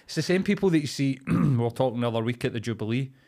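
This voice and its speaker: A man's voice: medium pitch, animated, quick pace, gravelly, a little mellow. A young Scottish man with a Glaswegian accent, co-hosting a podcast in blunt, sweary casual chat. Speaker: podcast co-host.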